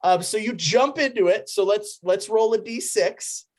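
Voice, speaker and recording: A game master narrating a tabletop game, describing scenes with many pauses and fillers. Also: mid-range voice, a little hiss or hum.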